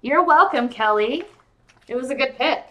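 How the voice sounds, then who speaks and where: A woman hosting a casual live-stream jewelry sale, excitable and gushing, calling out viewers by name and sounding giddy and tired late at night. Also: sits high, normal speed, slight background noise.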